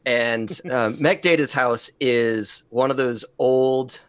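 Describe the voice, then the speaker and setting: A man's voice: mid-range voice, slow, a bit bright, clear, resonant tone, no room sound. A man playing a tabletop role-playing game, rambling and restarting as he describes scenes. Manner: rambling, many restarts and fillers. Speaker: player. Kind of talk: casual tabletop play.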